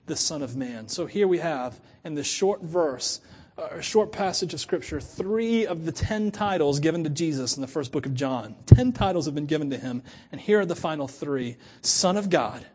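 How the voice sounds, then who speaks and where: A middle-aged man preaching a sermon to his church in a chatty, animated way, laughing often and acting out quoted voices. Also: fairly high pitch, moderate pace, husky. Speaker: pastor.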